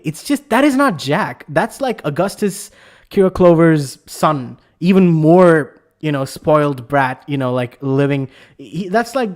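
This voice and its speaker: A man hosting a casual anime discussion, rambling and excitable with lots of fillers and restarts. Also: on the high side. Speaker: podcast host.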